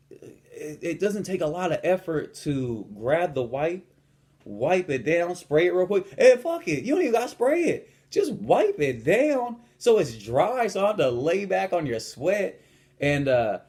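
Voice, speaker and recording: Young male coach, brash and profane, telling gym stories in a relaxed vlog. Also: medium pitch. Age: young adult. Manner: blunt, profane, swaggering. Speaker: fitness and lifestyle coach. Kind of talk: casual vlog rant with storytelling.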